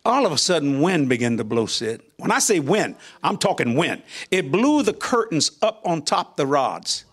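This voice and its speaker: An older man, a minister, telling a lively personal testimony in a colloquial way, laughing often and jumping his pitch when he quotes people. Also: moderate pace, hardly any pauses, breathy edge. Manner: animated, laughing, colloquial, voices quotes with big pitch jumps. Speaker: guest minister. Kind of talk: testimony storytelling.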